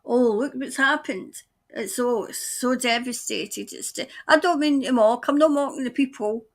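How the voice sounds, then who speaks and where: High-voiced woman musing through a psychic reading. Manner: musing aloud, halting, trailing off and restarting; speaks of seeing and hearing things. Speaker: tarot reader. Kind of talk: intuitive psychic reading monologue.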